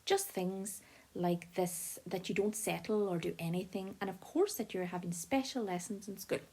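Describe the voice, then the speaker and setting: A woman doing a patient old grandfather in a storybook reading. He chooses his words carefully and speaks with a slightly formal turn. The voice is mellow and somewhat husky. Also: medium pitch, moderate pace.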